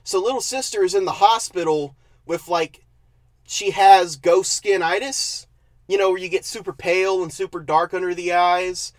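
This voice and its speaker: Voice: mid-range voice, normal speed, no room sound. A movie reviewer ranting in a sarcastic, exasperated way, stumbling over words when worked up.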